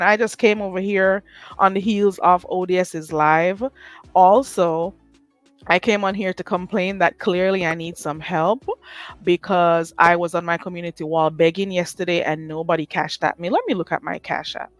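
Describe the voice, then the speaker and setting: A woman's voice: medium pitch, fairly bright tone, no room sound. A woman hosting a casual live stream, blunt and sassy, laughing often. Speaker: livestream host.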